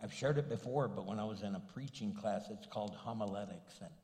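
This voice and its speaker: A man's voice: fairly low pitch, fairly quick, warm tone. An older man preaching a sermon as a pastor, in a conversational, joking way. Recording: echoey hall with long reverb.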